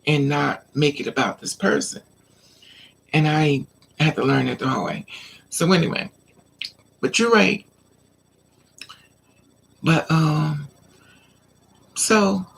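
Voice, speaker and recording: A woman's voice: low-pitched, gravelly, slight background noise. A woman vlogger telling a personal story in a casual rant, animatedly acting out both sides of an argument.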